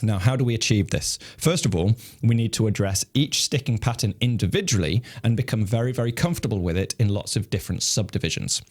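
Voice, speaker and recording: A man teaching snare drum technique, explaining stickings in a calm, methodical way and counting beats aloud. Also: fairly low pitch, quick pace, hardly any pauses.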